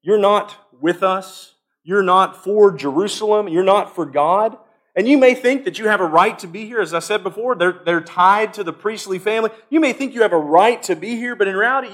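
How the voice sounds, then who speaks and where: A man preaching a sermon, earnest and emphatic, swinging from loud peaks to quiet stretches and often repeating and restarting his phrases. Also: sits high, fairly quick.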